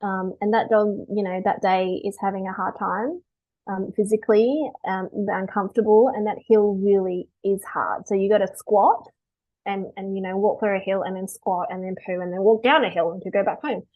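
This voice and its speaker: Woman dog behaviourist chatting on a webinar, lively, quick little quotes of owners. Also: medium pitch, phone-quality sound. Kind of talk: webinar talk.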